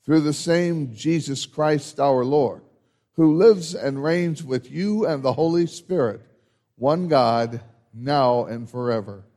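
A man serving as pastor, giving church announcements and then leading a confession and absolution in a measured, solemn way. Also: a little high. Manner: measured, solemn liturgical delivery with lively rises.

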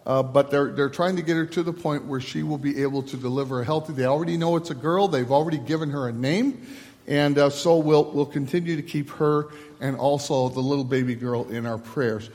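A man leading a church service as pastor, moving from halting announcements to measured liturgical recitation. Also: on the high side, steady tone, darkish tone. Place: church sanctuary. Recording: long church hall reverb.

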